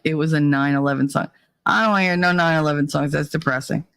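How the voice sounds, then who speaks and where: A woman's voice: deep voice, fast talker, a bit bright, smooth, no room sound. Chatty woman hosting a livestream. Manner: chatty, laughs often, reads viewer comments aloud. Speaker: livestream host. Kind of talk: casual livestream chat.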